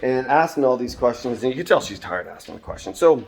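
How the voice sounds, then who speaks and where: A middle-aged man telling a story and reflecting on it in a casual monologue, with lots of fillers and throat-clearing. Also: medium pitch, very animated, fast, a little mellow, a little hiss or hum. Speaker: vlogger and job-site supervisor.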